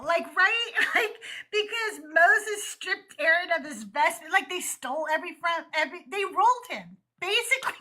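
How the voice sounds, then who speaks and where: A young woman with a high, bright voice hosts a live stream, reading the text aloud. She keeps cutting in with sarcastic asides and quick laughs. Her delivery is casual and chatty. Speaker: host of a call-in show.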